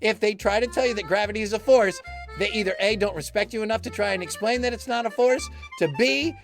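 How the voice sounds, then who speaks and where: A man's voice: high voice, fast talker, vocal fry. A man hosting a live stream, rambling and joking in a mock-lecture way with sing-song asides. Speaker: host. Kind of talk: goofy live-stream banter. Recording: music playing behind.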